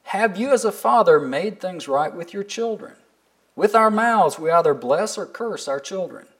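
Man preaching with a lively, rising voice. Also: high-pitched, moderate pace. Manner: earnest, asks the listeners pointed questions; reads scripture aloud with emphasis. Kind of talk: sermon.

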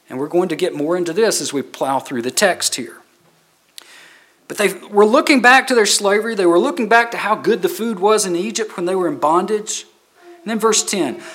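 A man's voice: high-pitched, a bit bright. A man preaching a sermon as pastor, reading scripture aloud and driving points home with repetition.

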